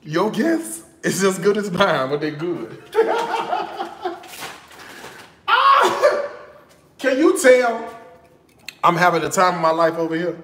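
A man vlogging in his home kitchen, chatting in a sassy, animated way with speech. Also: sits high, slow pace, echoey room, a little hiss or hum. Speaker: cooking vlogger. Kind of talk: casual chat.

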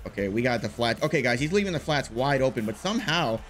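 A man commentating his own video game match, casual and full of slang, muttering one moment and yelling the next. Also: medium pitch, quick pace, music in the background. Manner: animated, swings from muttering to loud outbursts, casual slang. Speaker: gaming YouTuber. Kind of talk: excited live gameplay commentary.

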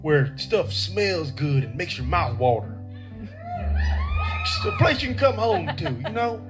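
A man's voice: sits high, wildly swooping pitch, a little slow, over music, full character voice. A man playing a goofy, rambling good old boy dealer on a game show, with a put-on twang. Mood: folksy. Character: simple country good old boy who wrestles things.

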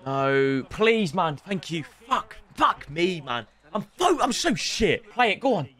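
A young man commentating his own football video game to viewers, sweary and excitable. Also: sits high, takes it slowly. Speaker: gaming streamer. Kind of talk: live gameplay commentary.

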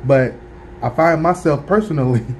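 A man's voice: fairly high pitch, moderate pace, a little hiss or hum. A man in his thirties at home, talking casually to camera in a book review, with laid-back slang and lots of fillers and restarts.

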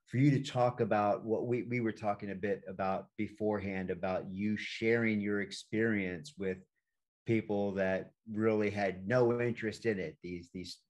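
A male interviewer with a fairly low voice puts his questions to a guest. He hesitates and restarts often, feeling his way toward the words. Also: fairly even intonation, moderate pace, darkish tone.

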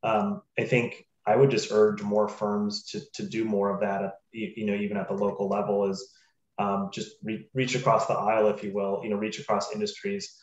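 Panelist, male, low monotone delivery, roomy and muffled video-call sound. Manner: measured, with many fillers and restarts. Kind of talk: webinar panel discussion.

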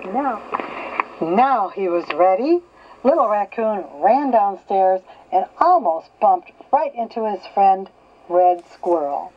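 An older woman reading a children's story aloud in a slow, gentle, clear way. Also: medium pitch, expressive. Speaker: storybook reader. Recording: slightly dull lo-fi recording.

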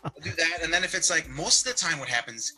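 A man's voice: on the high side, lively intonation, fast, bright, forceful tone, husky, low-quality recording. A young man, a guest on a call-in show, chatting loosely over a video call, with lots of "like" and mild swearing. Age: young adult. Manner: loose, laid-back, peppered with "like" and mild swearing. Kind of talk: casual chat.

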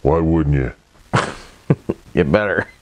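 Extremely low-pitched and slow, this Canadian man's voice comes through a muffled recording over a noisy background. He's a vlogger recording a casual voice-over on a microphone, rambling in a folksy way with plenty of catchphrases and tag questions.

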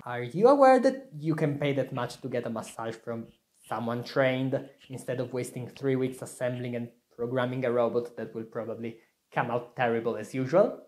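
A woman doing a low, scolding voice of reason. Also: moderate pace, darkish tone, faint music behind.

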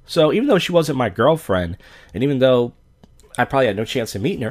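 Animated, profane male podcast host. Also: medium pitch, fast. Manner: blunt, profane, acts out dialogue. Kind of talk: casual storytelling rant.

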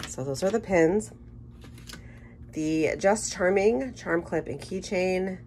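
A woman chatting casually through an unboxing, gushing with enthusiasm and dropping into soft murmured asides. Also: low-pitched, creaky, slight background noise. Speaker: scrapbooking vlogger.

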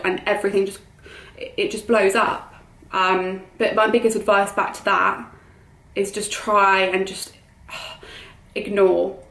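A woman's voice: mid-range voice, roomy sound, low-quality recording. A young woman talking casually to camera as a vlogger, chatty and heartfelt, with plenty of ums and restarts. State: tearful at times.

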